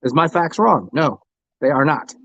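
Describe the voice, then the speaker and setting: A man's voice: on the high side, lively intonation, normal speed, fairly bright tone, no echo. A man hosting a livestream, arguing with chat viewers and repeating himself with frequent stammers. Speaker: livestream host. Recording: dull, lo-fi dry home recording.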